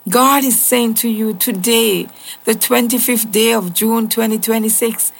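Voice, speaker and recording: A woman's voice: a little high, steady tone, unhurried, vocal fry, breathy edge. A woman giving a devotional Bible teaching, earnest and conversational with casual asides.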